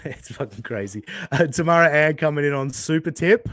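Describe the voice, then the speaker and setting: A man's voice: on the high side, animated, brisk, a bit bright, no echo, studio quality. A man from Australia hosting a casual chat, laughing often and swearing as he reacts. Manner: laughing, swearing, reads out viewer tips. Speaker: host. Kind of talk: casual chat over a watched stream.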